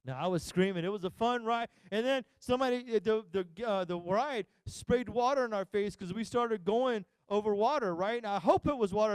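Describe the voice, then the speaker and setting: A pastor preaching a sermon, telling a funny family story and acting out the voices of everyone involved. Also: male voice, extremely high pitch, lively intonation, moderate pace, smooth, no echo, studio quality. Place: church sanctuary.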